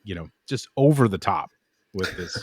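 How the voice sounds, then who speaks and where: Low-voiced and animated at a moderate pace, this knifemaker co-hosts a podcast with a rambling, casual storytelling style. He swears and reenacts what people told him, captured in a dry, studio-quality recording.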